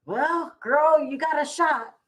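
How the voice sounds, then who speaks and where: A middle-aged woman, speaking a little higher than most, chats live from home on a phone or webcam. Her talk is loose and emotional, and she addresses her viewers directly while she hunts for news. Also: slow, a bit bright. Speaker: vlog host going live. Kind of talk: casual live-stream commentary.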